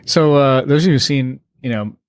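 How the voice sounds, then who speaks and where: Animated young man telling stories. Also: mid-range voice, normal speed, clean tone, no room sound, studio quality. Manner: animated storyteller, slips into voices, many restarts. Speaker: guest, magician and actor. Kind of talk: casual podcast conversation.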